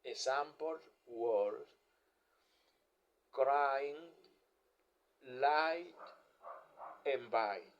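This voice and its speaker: A man reads out a pronunciation lesson in short, measured pieces, pausing after nearly every word. His pace is extremely slow and deliberate, and his pitch sits in an ordinary middle range. The recording sounds a little dull and muffled. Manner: deliberate, one word or phrase at a time. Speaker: English pronunciation teacher. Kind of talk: slow scripted lesson narration.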